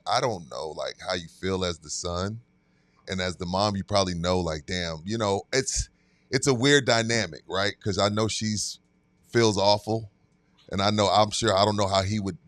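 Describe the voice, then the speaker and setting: A man's voice: deep voice, fairly bright tone, no room sound. A male host asking rambling, restarting interview questions in a casual chat. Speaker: show host.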